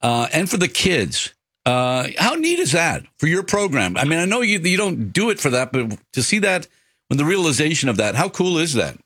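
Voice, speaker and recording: A man hosting a radio sports talk segment with a bright, forceful voice. His pitch swings up and down a lot as he rambles and restarts his questions. The studio sound is dry and close. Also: big pitch swings, moderate pace, no echo. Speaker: radio show host. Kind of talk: casual radio interview.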